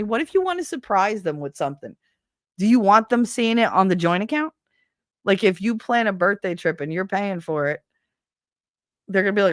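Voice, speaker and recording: A woman's voice: medium pitch, animated, fairly quick, no echo. Chatty woman livestreamer, dry sound. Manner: chatty, swears freely, laughs often. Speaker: livestream host reading chat. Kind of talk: casual unscripted chat.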